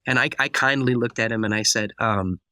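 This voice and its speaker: Bright, animated male storyteller. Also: medium pitch, a little fast, no room sound. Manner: vivid storyteller who acts out dialogue. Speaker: guest speaker. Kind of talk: personal storytelling in a podcast interview.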